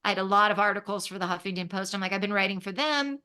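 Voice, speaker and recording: A woman in her fifties from Los Angeles, a travel writer telling stories in an interview, animated and acting out the voices she quotes. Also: mid-range voice, racing, clear, resonant tone. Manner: animated, acts out quoted voices, laughs often. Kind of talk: casual storytelling in an interview.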